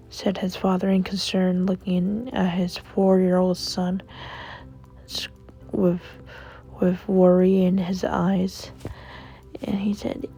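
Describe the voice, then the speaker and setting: A woman gently telling a bedtime story in a hushed, whispered style. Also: mid-range voice, flat delivery, slow pace, gravelly, husky, faint music behind, rough recording.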